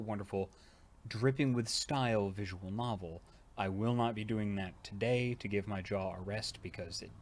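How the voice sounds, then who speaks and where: Low-pitched male streamer, casual and rambling, sounds jaw-tired. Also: a little mellow, a little hiss or hum. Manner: rambling, chatty, frequent "uh" fillers. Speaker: streamer and voice actor. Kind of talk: casual livestream chat.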